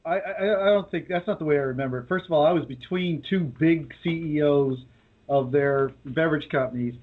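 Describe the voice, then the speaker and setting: Man, radio guest, high husky voice, tinny phone line, casual chat. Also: a little fast. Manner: laughing, tells his own side of the story. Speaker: guest, beverage company founder.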